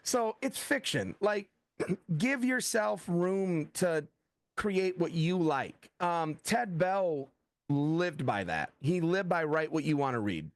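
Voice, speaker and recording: In a relaxed interview, a middle-aged thriller writer from the USA spins animated anecdotes, voicing the dialogue he quotes and using "like" frequently. He speaks slowly in a slightly high voice, with no echo.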